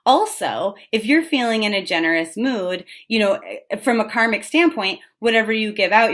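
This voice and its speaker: A woman talks through a tarot reading in a loose, conversational way. She is frank and chatty, fills her pauses with little asides, and lets the odd swear word slip. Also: medium pitch, bright, forceful tone. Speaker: tarot reader.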